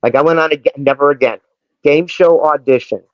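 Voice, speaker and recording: A man's voice: a little high, fairly quick, dry recording, muffled recording. A male actor guest chatting in an interview, telling rambling stories and slipping into voices. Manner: rambling, animated storyteller who slips into voices. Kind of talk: casual interview chat.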